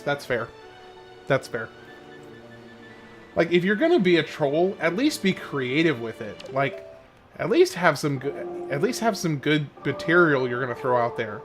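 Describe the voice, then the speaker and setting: A man's voice: on the high side, animated, a little slow, soft background music. Chuckling Oklahoman man on a headset. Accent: Oklahoman Southern. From Oklahoma, USA. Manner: laid-back, chuckling often, answers chat. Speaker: game streamer. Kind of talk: casual live-stream chat while playing.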